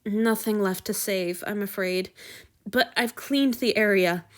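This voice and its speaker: A woman voicing a calm, fond woman healer who talks in a soothing, matter-of-fact way. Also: mid-range voice, measured pace, lightly acted.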